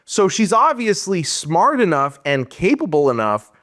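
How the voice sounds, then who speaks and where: A man's voice: high-pitched, sing-song, unhurried, a bit bright. A man co-hosting a podcast, talking through a film plot in casual chat and ranting with exasperated rhetorical questions. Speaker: podcast co-host. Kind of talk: casual movie review chat.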